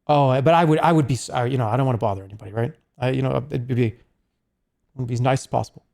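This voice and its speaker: A man's voice: medium pitch, rapid-fire, vocal fry, darkish tone. A man chatting casually on a live stream, rambling along with lots of asides and restarts.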